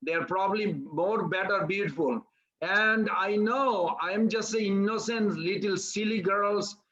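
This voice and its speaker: A man's voice: high voice, measured pace, a bit bright, highs cut off. A man voicing an insecure young girl who sulks and worries that she has been replaced. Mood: sulky.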